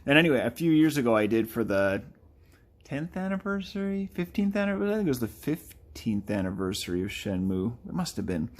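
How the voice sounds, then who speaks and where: A man streaming a live drawing session chats casually and animatedly, often breaking into playful impressions of game characters. His medium-pitched voice is sing-song and brisk.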